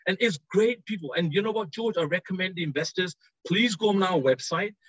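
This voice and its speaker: A company executive with a British accent delivers a rapid, enthusiastic sales pitch for his company over a video call from a trade show floor. His voice is high and slightly husky, and the recording sounds dry and dull.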